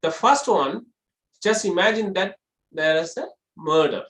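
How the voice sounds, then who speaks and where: A college lecturer giving a lecture on voice modulation, explaining step by step and demonstrating with exaggerated pitch shifts. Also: a little slow, a bit bright, slight background noise. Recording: roomy echo.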